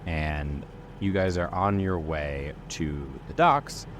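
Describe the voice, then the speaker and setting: A man's voice: extremely low pitch, takes it slowly, a little hiss or hum. A man running an improvised tabletop role-play as game master, telling the story loosely with lots of fillers.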